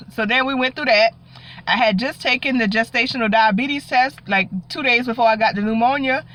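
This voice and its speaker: A woman's voice: fairly high pitch, fairly bright tone. A woman, from South Carolina, telling a personal story in a chatty way from her parked car, often calling out to her viewers and acting out what people said. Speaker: vlogger. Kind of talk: casual storytime monologue. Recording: dull lo-fi audio.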